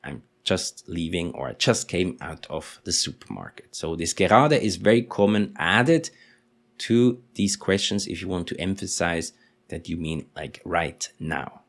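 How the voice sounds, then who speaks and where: A man teaching in English, explaining patiently and slowly repeating example sentences. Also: sits low, expressive, creaky. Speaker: German teacher. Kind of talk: language lesson explanation.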